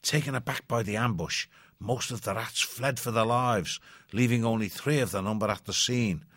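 A man reading a children's adventure novel aloud in a measured, expressive way. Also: medium pitch, dry recording, studio quality. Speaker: narrator. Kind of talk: audiobook narration.

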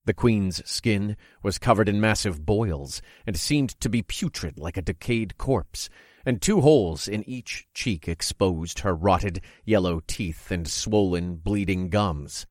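A man with a very low voice reads a dark first-person story aloud. His delivery is measured and dramatic. The sound is dry and close, with no room echo. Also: animated.

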